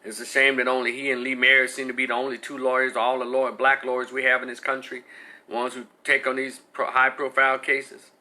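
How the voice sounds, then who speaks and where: A man's voice: mid-range voice, monotone, fairly quick, pushed and bright. A man giving a heated, blunt and profane opinion rant, talking in an exasperated way. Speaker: commentator.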